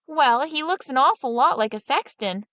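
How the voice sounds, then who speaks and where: A woman's voice: high-pitched, lively intonation, normal speed, a bit bright, dry recording, pitched above the performer's own voice. A woman voicing a clever, scheming peasant man who talks in a sly, coaxing way, in a storybook reading.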